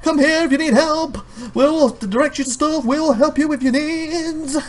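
High, perky shop clerk who won't leave you alone, as a gamer puts him on. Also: male voice, measured pace. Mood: chirpy. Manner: chirpy, insistent. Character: eager pushy male shop assistant.

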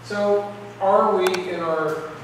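A man's voice: high-pitched, steady tone, takes it slowly. A man who is a priest gives an earnest, reflective presentation to a church assembly and poses searching questions. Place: assembly hall. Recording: echoey hall from far off with room noise.

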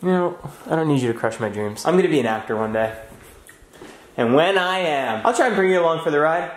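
A man hosting a casual vlog, teasing his friends and excitedly opening fan mail. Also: a little high, fast. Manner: playful, teasing, excitable while unboxing. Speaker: vlogger host. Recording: echoey room.

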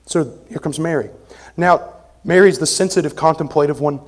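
A man preaching an expository sermon as pastor, conversational, moving between forceful emphasis and quiet asides. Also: fairly high pitch, moderate pace. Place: church sanctuary.

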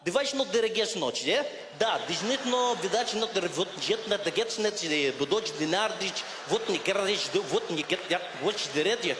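A man voicing a Russian-accented man on the phone, a shady dealer rattling off a hurried mix of English and gibberish Russian, heard in a reverberant live venue. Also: high-pitched, lively intonation, noisy background. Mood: urgent.

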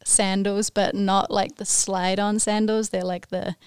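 A woman's voice: mid-range voice, level tone, a little slow, clear, resonant tone, no room sound, clean studio sound. A young woman with a New Zealand accent, chatting as a podcast guest and explaining things in loose, hesitant phrases. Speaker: guest, competitive snowboarder. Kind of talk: casual podcast chat.

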